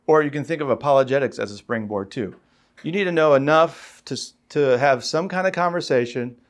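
A man preaching in a conversational, storytelling way, rising in pitch when he reads scripture. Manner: conversational, tells stories, rises when reading scripture. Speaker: pastor. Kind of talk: sermon.

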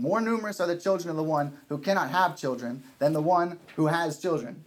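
A man's voice: a little high, brisk, few pauses. Guy preaching, earnest, keeps restarting and repeating himself to drive the point home. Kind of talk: sermon.

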